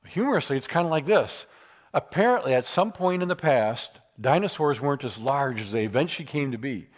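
A man giving a lecture with slides at a seminar, animated and telling humorous stories. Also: mid-range voice, fairly quick. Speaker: speaker at a seminar.

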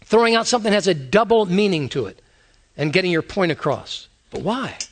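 Male pastor, conversational sermon delivery, high and highly animated voice. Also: brisk, a little hiss or hum. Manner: conversational preaching with rhetorical questions.

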